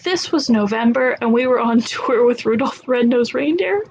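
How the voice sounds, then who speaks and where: A woman's voice: on the high side, expressive, moderate pace, gravelly, a little mellow, breathy edge, muffled recording. Candid storytelling woman host. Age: 30s. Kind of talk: casual chat.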